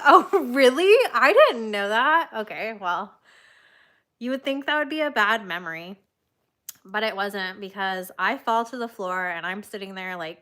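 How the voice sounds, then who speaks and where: This crochet livestream host has a medium-pitched voice that sounds pushed and bright. She chats casually through live comments, laughing often as she shares stories about herself.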